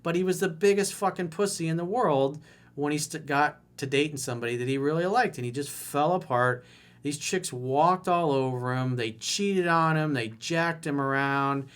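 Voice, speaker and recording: A male dating coach talks straight to the camera in a blunt, mocking monologue. His voice sits a little higher than most men's, and he swears freely to make his points. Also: normal speed, a bit bright.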